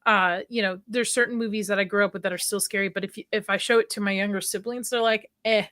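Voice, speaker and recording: A woman's voice: medium pitch, fairly even intonation, bright, forceful tone, no echo, studio quality. Opinionated woman on a podcast. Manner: opinionated, quick, thinks aloud. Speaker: guest on a movie podcast. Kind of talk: casual movie chat.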